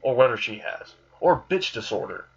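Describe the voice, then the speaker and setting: A man's voice: mid-range voice, big pitch swings, fairly quick. A man voicing a cocky young man who talks crudely and dismissively. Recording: slightly dull recording with faint hiss.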